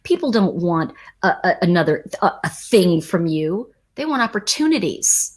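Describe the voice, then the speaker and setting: A woman hosting a livestream, talking casually and emphatically to her chat audience in a rambling, animated way. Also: fairly low pitch, moderate pace. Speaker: livestream host.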